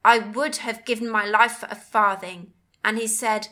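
A woman narrating a first-person audiobook with measured, earnest storytelling. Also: a little high, fairly even intonation, pushed and bright.

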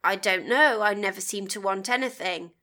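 A woman's voice: medium pitch, moderate pace, sharp tone, lightly acted. A woman voicing a frustrated middle-aged wife who pleads and pushes back. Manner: pleading, rising to anger.

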